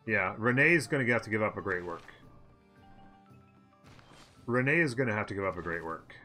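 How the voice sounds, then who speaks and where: A man's voice: on the low side, animated, normal speed, sharp tone, faint music behind. A man hosting a strategy game let's play, chatting and thinking aloud as he plays and answering his chat.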